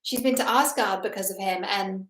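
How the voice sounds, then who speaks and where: A woman's voice: medium pitch, normal speed, a bit bright, roomy sound, low-quality recording. A woman hosting a casual film analysis video, chatting with enthusiasm.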